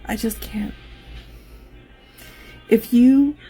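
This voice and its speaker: A woman's voice: on the high side, fairly even intonation, very slow, mellow, soft background music. A woman speaking earnestly and emphatically about feeling hurt, in a personal vlog.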